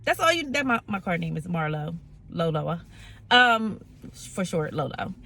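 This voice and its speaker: A woman telling a personal faith story in a casual, animated way, acting out the voices in it and laughing at herself. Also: fairly low pitch, a little slow, gravelly, husky. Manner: animated, dramatic, acts out voices in her stories; laughing, self-mocking. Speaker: vlogger sharing a faith testimony.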